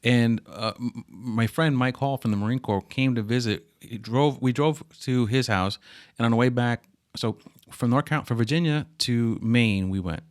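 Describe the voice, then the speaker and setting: Guy cohosting a podcast, jokey and animated, trips over his words, mid pitch. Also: moderate pace, dry recording, clean studio sound. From Puerto Rican family. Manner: animated, joking, restarts often. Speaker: podcast co-host. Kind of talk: casual chat.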